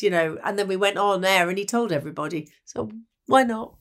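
A woman's voice: on the high side, fast, fairly bright tone. A woman from England, a broadcaster, reminiscing in conversation and acting out the voices of people she quotes. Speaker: broadcaster and guest.

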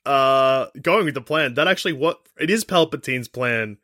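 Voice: medium pitch, animated, normal speed, fairly bright tone, dry recording, clean studio sound. An Australian guest on a comedy podcast, laughing and swearing freely in casual chat.

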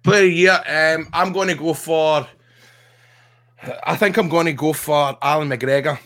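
A man's voice: fairly high pitch, fairly even intonation, a little slow, a bit bright. A man with a Scottish accent, a podcast guest chatting casually, rambling and repeating his words with enthusiasm. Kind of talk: casual chat.

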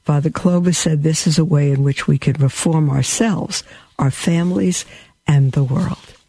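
A man's voice: fairly high pitch, normal speed, vocal fry, mellow, no room sound. A man earnestly reading quotes aloud and commenting on them to his listeners, with emphatic repetition and occasional fillers. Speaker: Catholic commentator addressing listeners.

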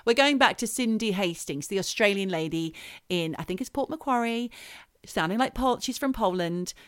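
A woman's voice: mid-range voice, expressive, normal speed, clean tone, no echo, studio quality. A woman co-hosting a casual chat, recounting a case at length with some emphasis. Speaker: podcast co-host telling a story.

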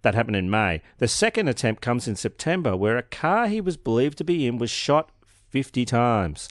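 A man's voice: medium pitch, sing-song, normal speed, dry recording, clean studio sound. A young man, co-hosting a casual podcast with a joking, sarcastic and sweary manner. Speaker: podcast co-host. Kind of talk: casual chat.

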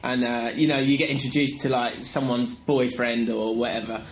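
A man with a Cockney accent co-hosting a football podcast in casual chat, animated and laughing often. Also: mid-range voice, moderate pace. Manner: animated, laughs often, does mocking voices in anecdotes. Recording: echoey room, faint background noise.

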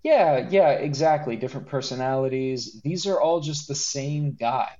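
A man co-hosting a podcast in casual chat, animated and joking, with a lot of laughing and restarts. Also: mid-range voice, normal speed, muffled recording. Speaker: podcast co-host.

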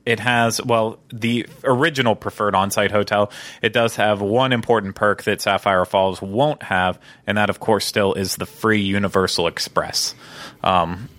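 A man's voice: lowish voice, steady tone, moderate pace, fairly bright tone, dry recording. A young man hosting a casual podcast, chatty and enthusiastic with many fillers. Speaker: podcast host.

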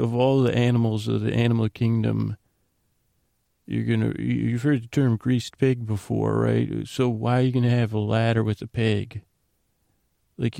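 Male podcast host, gravelly and mellow, meandering recap, dry close sound. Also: mid-range voice, dry recording. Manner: meandering, restarts, quotes characters offhandedly. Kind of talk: rambling casual recap.

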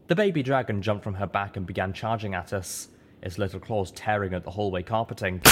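A man narrating an audiobook in a measured, steady reading voice. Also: sits low. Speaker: audiobook reader.

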